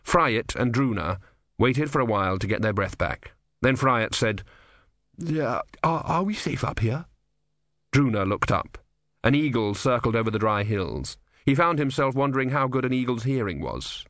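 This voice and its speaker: Wry guy narrating an audiobook, lively up-and-down delivery, dead dry sound. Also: mid-range voice, normal speed, dry recording. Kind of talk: scripted narration.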